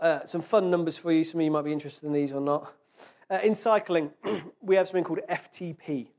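A man giving an informal sermon, chatting casually and reading scripture slowly with emphasis. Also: on the high side, darkish tone. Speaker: preacher.

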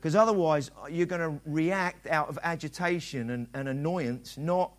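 A middle-aged pastor delivers a sermon in a relaxed, chatty way. His voice sits a little high for a man, and he slips into little acted-out exchanges to make his points. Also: normal speed. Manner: conversational preaching, acts out quoted dialogue.

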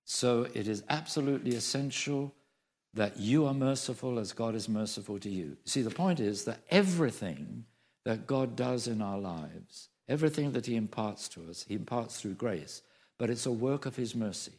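A male preacher delivers a sermon in an emphatic style, repeating key phrases to drive them home. His voice carries a gravelly edge. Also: mid-range voice, lively intonation, normal speed, darkish tone.

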